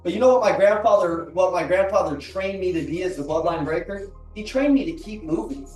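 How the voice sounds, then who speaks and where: A man's voice: high voice, expressive, fairly quick, darkish tone. A man giving an emotional motivational talk, earnest, repeating his lines for emphasis, before an audience in a large room. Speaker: motivational speaker. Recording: roomy, from a distance, faint music.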